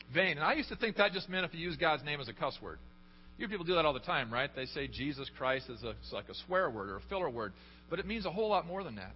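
A man preaching a sermon, emphatic, often asking the congregation questions. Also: sits high. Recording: echoey hall, dull lo-fi, faint hum.

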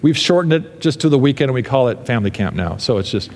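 A man preaching a sermon as a pastor, earnest, building to fervent emphasis and falling to soft pleas. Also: medium pitch, animated, quick pace, big-room sound.

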